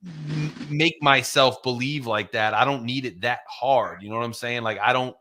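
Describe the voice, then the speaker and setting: A man's voice: mid-range voice, moderate pace, sharp tone. A man co-hosting a casual sports talk podcast, speaking in a laid-back conversational way, often saying "bro" and "like". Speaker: podcast co-host.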